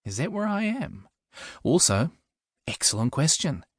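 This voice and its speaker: A frazzled young New Zealander, as a man puts him on, sharp-tongued and self-mocking. He sits noticeably higher and lighter than the narration, and the voice lands close and dry. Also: sing-song, measured pace, no room sound. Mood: wry. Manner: higher, brighter and more flustered than the narration.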